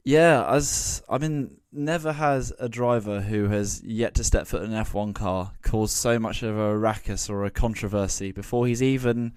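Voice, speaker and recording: A man's voice: lowish voice, fairly even intonation, moderate pace, few pauses, a little mellow, clean tone, no room sound. Podcast guy, casual, lots of ums, dry close sound. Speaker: podcast co-host. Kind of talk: casual chat.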